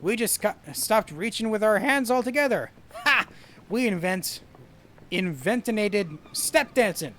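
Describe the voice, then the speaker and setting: A man voicing a boastful, rambling drunken sailor who talks in rough old sea dialect. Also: sits high, animated, a little slow, fairly bright tone, slight background noise. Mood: boisterous.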